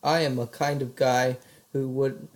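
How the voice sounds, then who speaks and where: A man reading a visual novel's lines aloud and chatting casually, with halting restarts. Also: medium pitch, little pitch movement. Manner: slow, halting, laughs often. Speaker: let's play co-commentator. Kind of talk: casual game commentary.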